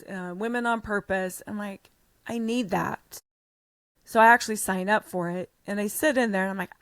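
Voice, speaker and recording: A middle-aged American woman, a podcast guest, telling her story in a blunt, animated way with the odd swear word. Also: a little high, dry recording, studio quality. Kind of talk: storytelling in an interview.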